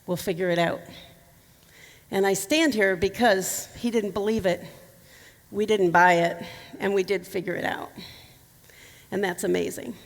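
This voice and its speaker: A woman's voice: medium pitch, fairly even intonation, unhurried, long pauses, in a large hall. A middle-aged woman telling a personal story to a conference audience, candid and emotional with touches of humor. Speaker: keynote speaker. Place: conference hall.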